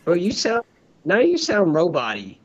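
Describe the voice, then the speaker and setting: A male podcast co-host chats casually over a video call, playful and laid-back, saying "bro" a lot. His voice sits high with huge pitch swings at a moderate pace. The audio is lo-fi online call sound.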